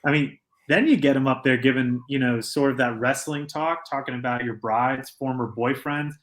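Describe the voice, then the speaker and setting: A man co-hosting a sports podcast in a studio, talking in a measured way and building his points with pauses. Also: medium pitch, steady tone, fairly bright tone. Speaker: podcast co-host. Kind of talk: casual sports chat.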